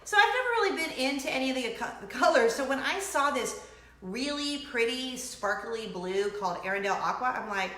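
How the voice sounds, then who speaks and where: A middle-aged woman hosting her weekly chat show, telling stories in an animated, giggly way, recorded in an echoey room. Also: a little high, normal speed. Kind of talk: casual chat to camera.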